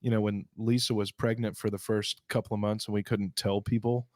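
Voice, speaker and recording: A man's voice: fairly low pitch, flat delivery, darkish tone, dry recording. Easygoing man co-hosting. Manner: easygoing, quick agreeing replies. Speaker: podcast co-host. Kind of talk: casual chat.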